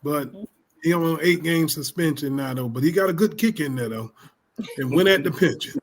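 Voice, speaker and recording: A man's voice: on the high side, fairly quick. A man and coach on a sports panel, talking in slangy, chuckling asides. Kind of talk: casual sports commentary.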